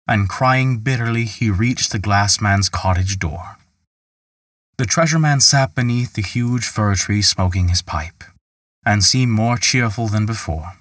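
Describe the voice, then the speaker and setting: A man narrating a folk tale in a measured, calm storytelling manner. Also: lowish voice, no room sound, clean studio sound, far from the mic.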